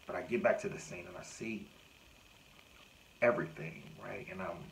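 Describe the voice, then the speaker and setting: A man, recounting a personal story to camera in a casual, animated way and acting out what people said. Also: low voice, normal speed, vocal fry, slight background noise, poor audio. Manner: animated retelling with acted-out quotes. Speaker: vlogger.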